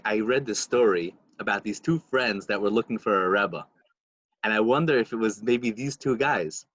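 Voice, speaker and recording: A man co-hosting a podcast, telling a story in a casual, animated way and acting out the quotes. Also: dry recording, dull audio. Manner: animated storyteller, acts out quotes with big pitch jumps. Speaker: podcast co-host.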